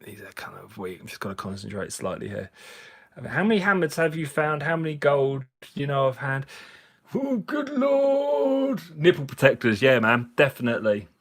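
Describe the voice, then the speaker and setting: Brisk and lively, this man has a medium-pitched voice with a fairly bright tone. He's a slightly drunk livestream host cleaning finds during a casual chat with his viewers, full of jokes and frequent laughter.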